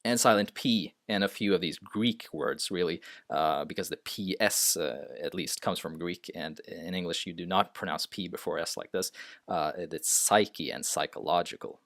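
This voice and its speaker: Hesitant low-voiced male teacher. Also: moderate pace, hardly any pauses, a bit bright, no room sound, clean studio sound. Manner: hesitant, many uh fillers and restarts. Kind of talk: unscripted screen-share lesson.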